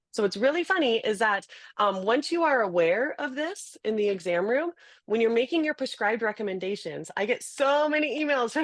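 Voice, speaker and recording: A woman guest on a podcast interview, explaining in an animated way and acting out examples. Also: fairly high pitch, no echo. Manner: animated, demonstrates by acting out patient talks. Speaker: podcast guest, optical business founder.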